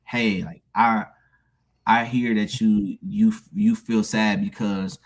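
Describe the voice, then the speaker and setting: A man in his thirties speaking as a panelist, sincere and halting with frequent restarts, about being a stepparent. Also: on the low side, steady tone. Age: 30s. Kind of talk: candid panel discussion.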